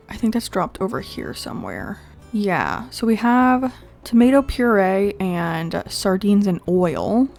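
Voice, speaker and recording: A woman's voice: mid-range voice, a little mellow. Chatty young woman narrating her gameplay. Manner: chatty, thinking aloud, frequent likes and giggles. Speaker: gaming YouTuber. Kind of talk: casual gameplay commentary.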